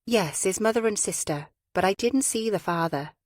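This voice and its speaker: A woman's voice: medium pitch, animated, normal speed, darkish tone, dry recording, clean studio sound, natural voice. A woman voicing a middle-aged male chief inspector who speaks tersely and matter-of-factly. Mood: curt.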